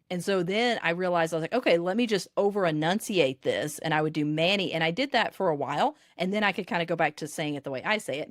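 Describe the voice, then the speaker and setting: A woman with a Southern US accent, coaching authors on dictation in an animated podcast interview. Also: fairly low pitch, dry recording, studio quality.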